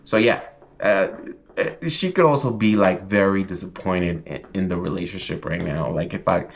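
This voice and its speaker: A man's voice: low voice, normal speed, vocal fry. A man giving a casual livestream tarot reading, rambling and chatty with lots of fillers. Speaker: tarot reader.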